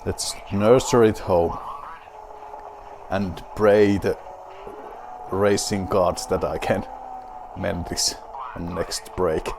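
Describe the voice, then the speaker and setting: A man with a Finnish accent plays a rally game while he drinks beer, and he keeps up a wry, mock-grand commentary to himself. His voice sits fairly low and he talks slowly. There is a faint hiss under the voice. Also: steady tone, vocal fry. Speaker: gaming video host.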